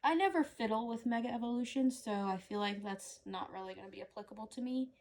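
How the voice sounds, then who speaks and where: A woman's voice: fairly high pitch, fast, darkish tone. A woman giving casual, rambling gameplay commentary as a let's play host, humming to herself between remarks. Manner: rambling, chatty, hums to herself.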